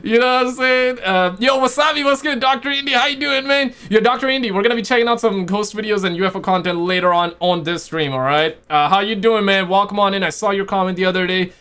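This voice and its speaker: A male streamer reacting live to a video, with loud exclamations, chatting casually and greeting viewers in chat by name. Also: high-pitched, quick pace, few pauses, smooth.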